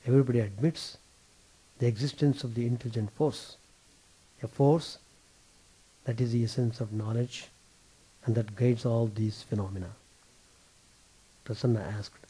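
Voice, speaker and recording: A swami at a Vedanta temple reading devotional texts aloud to his listeners in a measured, reverent recitation. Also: medium pitch, fairly even intonation, mellow, slightly rough, low-quality recording.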